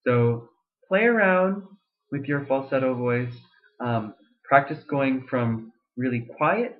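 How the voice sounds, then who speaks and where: A young man talks through a casual singing lesson in a mid-range voice, stumbling over restarts and fillers as he explains. Now and then he breaks into sung demonstrations. The sound is thin and tinny, like a cheap webcam mic. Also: mid-range voice. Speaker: voice teacher. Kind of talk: casual vocal lesson vlog.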